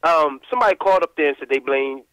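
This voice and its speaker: A man calling in to a sports podcast, ranting in an animated, rambling way with plenty of swearing and repeated asides. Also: fairly high pitch, fast, smooth, no room sound, poor audio. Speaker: caller. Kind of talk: casual call-in rant.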